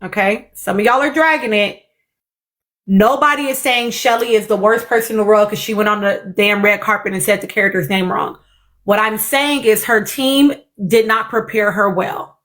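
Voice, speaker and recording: A woman's voice: fairly high pitch, fairly bright tone. Blunt, swearing woman podcaster. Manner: blunt, repeats herself, swears, addresses viewers as y'all. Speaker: podcast host. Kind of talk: casual opinion chat with live audience.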